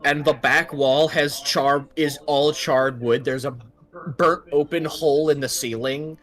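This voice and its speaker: A man's voice: fairly high pitch, steady tone, measured pace, a bit bright. A young man narrating as game master in a tabletop game, rambling and laughing as he describes scenes.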